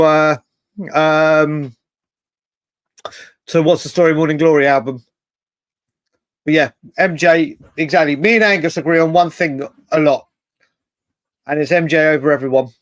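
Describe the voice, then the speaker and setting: A man's voice: a little high, no echo, clean studio sound. A man co-hosting a casual football chat show, rambling with lots of restarts and the odd swear word. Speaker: podcast co-host.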